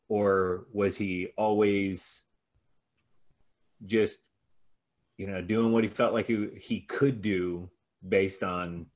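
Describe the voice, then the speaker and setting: A male host asking a long, searching question with many pauses and restarts. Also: low voice, dull audio. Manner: halting, many fillers and restarts. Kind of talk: interview question.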